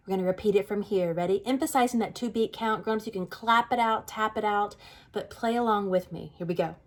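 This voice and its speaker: A woman with a mid-range voice runs a music class for toddlers, speaking in a cheerful sing-song style and singing children's songs slowly.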